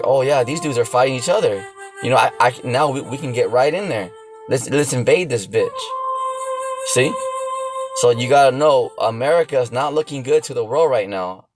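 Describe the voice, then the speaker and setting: Man, off-the-cuff preaching, blunt and profane, average pitch, faint music behind. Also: rough recording. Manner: blunt and profane, keeps asking "see that?" and "you know?". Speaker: religious teacher.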